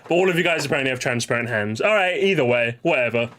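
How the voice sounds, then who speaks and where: A man's voice: mid-range voice, animated, quick pace, a bit bright, slight background noise. Sweary mock-angry streamer guy. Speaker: streamer host. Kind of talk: casual stream chat.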